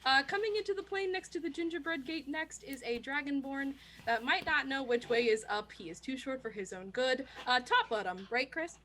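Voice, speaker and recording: A woman's voice: sits high, moderate pace, few pauses, fairly bright tone. A woman narrating an improvised tabletop game as dungeon master, chatty and giggly.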